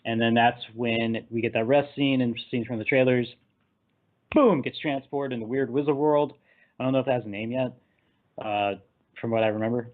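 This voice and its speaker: A man's voice: mid-range voice, steady tone, moderate pace. A man hosting a casual movie discussion, rambling through the plot scene by scene and laughing at his own jokes. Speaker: podcast host. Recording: tinny phone-like line.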